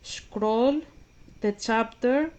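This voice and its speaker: This woman's voice is a little high and a little mellow, and she talks extremely slowly. Vlogging casually, she reads passages out loud and breaks off to question and push back on them in a hesitant, searching way.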